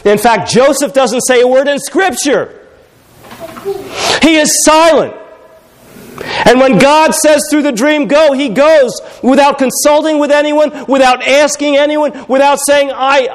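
A man's voice: very high voice, rough recording. A man preaching a sermon in a conversational, humorous storytelling way.

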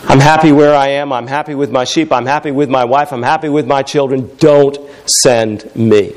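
A man's voice: medium pitch, fairly even intonation, normal speed, voice pushed down, lightly acted. A man voicing an elderly, self-doubting Moses who pleads his way out of a task. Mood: pleading. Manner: pleading, rambling excuses.

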